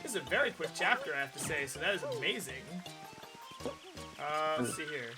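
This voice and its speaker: Animated chatty streamer man. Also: fairly high pitch, a little fast, loud music behind the voice. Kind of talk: let's play commentary.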